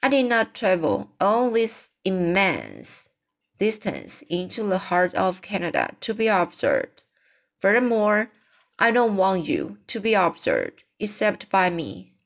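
A woman reading aloud as a proud, indignant male cock swan in a storybook, complaining stiffly at a slow, deliberate pace. His voice sits at a middling pitch and stays close to the reader's own. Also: wildly swooping pitch, full character voice.

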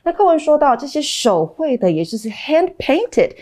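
A woman's voice: high voice, sing-song, normal speed, darkish tone. A woman co-hosting a lesson, explaining English grammar. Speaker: teacher co-host.

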